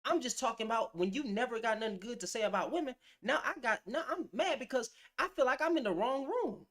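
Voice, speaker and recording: A man's voice: very high-pitched, expressive, brisk, fairly bright tone. A man ranting to camera in blunt, slang-heavy commentary, calling people out. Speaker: vlogger.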